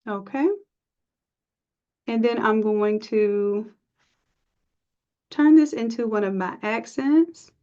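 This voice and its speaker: A woman teaching a live software design class, chatty and encouraging, thinking aloud as she works. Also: on the high side, slow pace, long pauses. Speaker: design instructor. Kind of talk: live screen-share tutorial. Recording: dull lo-fi stream audio.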